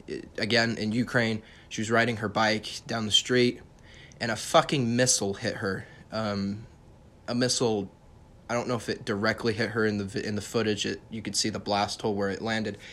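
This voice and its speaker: A young man with a fairly low voice talks through a casual solo podcast episode. He rambles and swears freely, stumbles over restarts and fillers, and turns sarcastic at times. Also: a bit bright. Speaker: podcast host.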